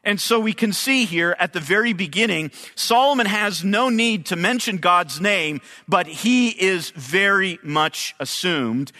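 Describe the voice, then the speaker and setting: A man preaching an expository sermon, slowly walking his listeners through a Bible passage and explaining the original Hebrew words. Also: high-pitched, bright, forceful tone, big-room sound. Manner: measured teaching delivery, explaining Hebrew terms.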